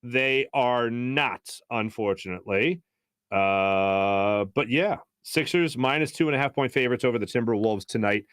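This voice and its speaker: A man's voice: mid-range voice, normal speed, clear, resonant tone, no room sound. A man in his thirties with a Philadelphia accent, hosting a sports talk show and telling rambling stories full of restarts. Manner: rambling storyteller, energetic, many restarts. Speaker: sports radio host. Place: radio studio. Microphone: studio microphone.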